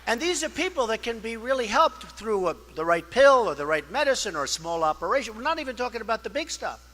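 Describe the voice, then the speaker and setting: A man's voice: sits high, big pitch swings, quick pace, pushed and bright. A male political candidate giving a campaign speech at a fundraising dinner, boastful and repetitive, wandering into asides and acting out quoted exchanges. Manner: conversational, acts out quoted exchanges.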